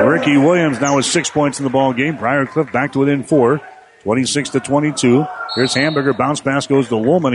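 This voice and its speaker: Guy doing basketball play-by-play, mid pitch, quick steady calls, faint arena hum behind. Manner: rapid running commentary, rising on big plays. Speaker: play-by-play announcer.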